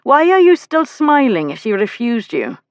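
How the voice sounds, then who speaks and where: A woman's voice: on the high side, sing-song, moderate pace, clear, resonant tone, no echo, dull audio, pitched above the performer's own voice. Woman voicing a brash, mocking young nobleman. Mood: teasing. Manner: mocking, boastful and theatrical. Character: brash teasing young nobleman, Morgan's brother. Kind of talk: audiobook character voice.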